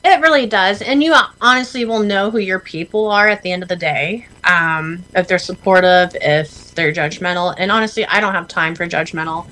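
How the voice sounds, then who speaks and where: A woman's voice: on the low side, moderate pace, hardly any pauses, bright, forceful tone, low-quality recording. A woman guest on a podcast, talking frankly and breezily in casual chat, laughing at her own stories. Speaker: podcast guest, adult performer.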